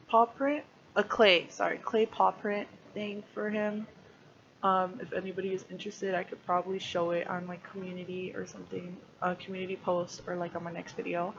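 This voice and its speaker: A woman's voice: medium pitch, fairly bright tone, muffled recording, a little hiss or hum. A young woman chatting loosely in a voiceover while she draws, rambling with lots of fillers. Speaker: art channel creator. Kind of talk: casual chat voiceover while drawing.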